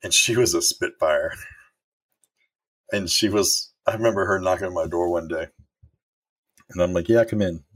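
Husky, deep-voiced middle-aged man. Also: moderate pace, long pauses, fairly bright tone. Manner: candid and storytelling, with occasional swearing. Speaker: former manager sharing leadership lessons. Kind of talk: motivational talk.

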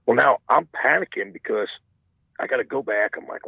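A man's voice: medium pitch, animated, fairly quick, vocal fry, husky, no echo, phone-quality sound. A man chatting casually as a podcast guest, talking in rambling stretches full of restarts and asides. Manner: rambling, many restarts and "you know what I'm saying". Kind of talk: casual chat.

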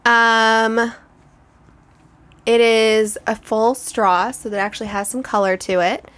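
A woman co-hosting, walking through a wine tasting in a measured, descriptive way. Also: a little high, steady tone, a bit bright. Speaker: co-host leading a wine tasting. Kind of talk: casual tasting commentary.

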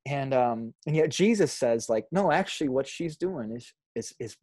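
A man in his thirties, a pastor, talking through stories in a relaxed interview. He jumps into voices when he quotes people and laughs easily as he goes. His voice sits mid-range and sounds close and dry, with no room around it. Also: medium pitch, normal speed, no echo. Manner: animated storyteller, acts out quotes, laughs often. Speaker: pastor and author, podcast guest. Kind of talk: casual storytelling interview.

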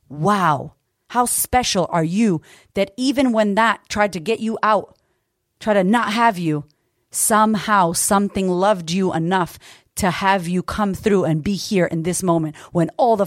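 A woman podcast host delivers an impassioned motivational monologue at a middle pitch, with swearing and repeated phrases throughout. The recording is dry and close, with no room echo. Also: moderate pace. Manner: emphatic, profane, repetitive.

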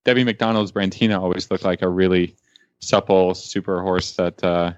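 A man's voice: deep voice, fairly even intonation, normal speed, no room sound, highs cut off. A man guesting on a radio show, talking in a rambling, thoughtful way with many fillers. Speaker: guest, dressage show host. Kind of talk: casual radio conversation.

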